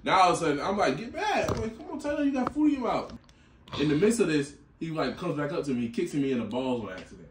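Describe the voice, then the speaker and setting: Young man, casual reaction host, lively swooping delivery, laughs a lot, echoey room, distant mic. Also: on the high side, fast, a little hiss or hum. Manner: animated, laughing, swearing, acts out quotes. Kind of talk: casual storytelling and reaction chat.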